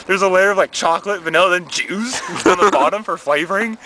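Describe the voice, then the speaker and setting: A man's voice: sits high, a little fast, few pauses, a crowd in the background. A young man telling a comedic story casually, rambling with fillers and stifled laughs. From Canada. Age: young adult.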